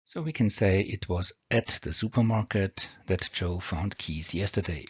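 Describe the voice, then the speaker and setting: This is a male English teacher with a foreign accent, speaking in a low, husky voice at a moderate pace. He walks through grammar on slides patiently, one step at a time. The recording has no room sound and sounds dull, lo-fi and homemade.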